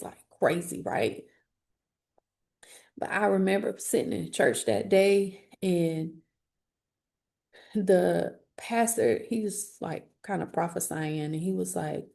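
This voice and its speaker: A woman sharing a personal testimony in an interview, speaking earnestly and haltingly with frequent restarts. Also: mid-range voice, vocal fry, mellow. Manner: earnest, halting, grows emotional. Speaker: interviewee telling her life story.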